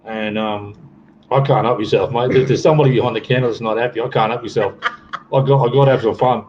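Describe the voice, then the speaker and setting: A man's voice: medium pitch, fairly even intonation, fast, a little mellow. An older Australian man chatting as a guest, full of joking, blokey banter. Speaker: guest on a livestream. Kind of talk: casual chat. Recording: dull lo-fi with faint noise.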